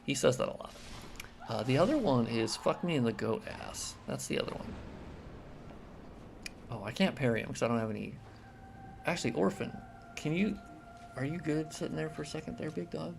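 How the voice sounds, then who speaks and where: Excitable swearing man streaming a game. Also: on the high side, brisk, creaky, pauses often, background noise. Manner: excitable, swears a lot, talks to himself while playing. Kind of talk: live gameplay commentary. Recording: loud game music behind voice.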